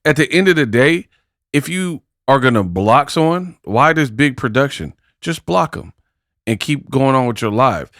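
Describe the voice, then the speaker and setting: A man's voice: mid-range voice, animated, moderate pace, a bit bright, no room sound, studio quality. A man hosting boxing commentary, reacting to clips in a casual, mocking, slangy way.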